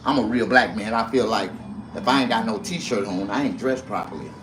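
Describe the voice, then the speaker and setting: A man rambling on a livestream about tattoos, his shirt and a rap feud, out of breath, with loud bursts and mumbled asides. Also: fairly low pitch, fairly quick, slight background noise. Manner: rambling and animated, swinging between loud outbursts and mumbling. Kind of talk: casual livestream rant.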